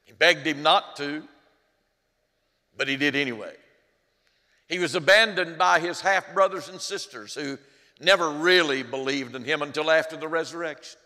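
A male pastor preaching a sermon in a church, speaking earnestly, rising loud on quoted cries and dropping low and hushed at tender moments. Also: normal speed, pauses often. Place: church sanctuary. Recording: long hall reverb.

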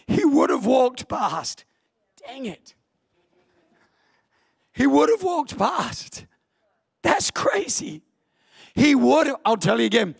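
Pastor, impassioned sermon, high-pitched voice, shouts often. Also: male voice, vocal fry, husky. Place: church hall.

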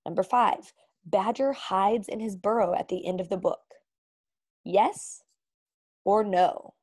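A woman teacher reading a storybook aloud with lively sound words, then going through quiz questions for her students. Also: mid-range voice, slow, slightly rough.

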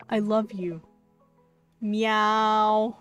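A woman streamer gives playful live commentary on a game in a slightly high voice, drawn out at a slow pace. She is easily excited, gasping and cooing, and now and then drops a swear. Soft game music plays quietly behind her. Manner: excitable, gasps and coos, swears lightly. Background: faint game music.

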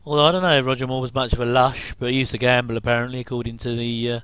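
A man's voice: mid-range voice, little pitch movement, very fast, a bit bright, smooth, no echo. A middle-aged man giving a chatty, jokey commentary over a TV episode. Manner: chatty, jokey asides with chuckles. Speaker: commentary host. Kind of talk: casual watch-along commentary.

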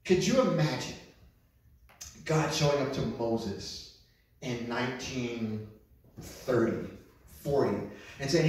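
A man's voice: medium pitch, slow pace, pauses often, darkish tone. A man preaching as a pastor, talking to his listeners and asking them questions, recorded alone with a camera. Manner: conversational, repeats himself, asks the listeners questions. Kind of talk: sermon. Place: large echoey room, alone with a camera. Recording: very echoey room, mic at a distance.

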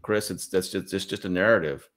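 A man's voice: deep voice, fairly quick, fairly bright tone. A man giving earnest, emphatic analysis of an interview as a guest statement analyst. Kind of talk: analytical commentary.

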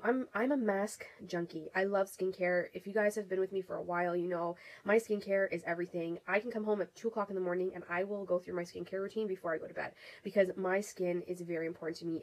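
A woman's voice, slightly low and audibly congested from a cold, carries a relaxed beauty review. She rambles in a friendly way, restarting sentences and leaning on ums, like casual vlog talk to camera. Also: low-quality recording. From Canada. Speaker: beauty vlogger.

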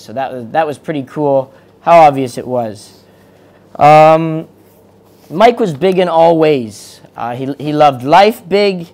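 A man's voice: mid-range voice, darkish tone. A man giving a memorial eulogy from notes, casual, with many "uh"s. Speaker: eulogy speaker.

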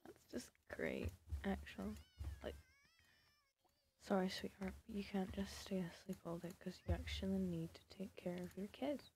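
A woman's voice: mid-range voice, sing-song, moderate pace, darkish tone, slight background noise. A woman giving casual, sarcastic commentary over a life-sim game, scolding the characters and often dropping to a whisper. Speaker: gaming video creator.

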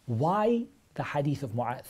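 A man's voice: mid-range voice, big pitch swings, a little slow, darkish tone, slightly rough. A man teaching a live online religious lesson, explaining texts step by step and repeating phrases for emphasis. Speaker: Islamic studies teacher.

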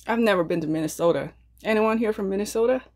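This young mukbang host talks quickly in a mid-range, slightly dark voice, chatting casually to viewers between mouthfuls of food.

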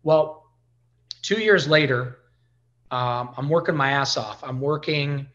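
Forceful, bright-voiced man telling stories. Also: fairly high pitch, slow, dull audio. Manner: animated storyteller who acts out quoted dialogue. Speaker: podcast guest. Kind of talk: casual storytelling interview.

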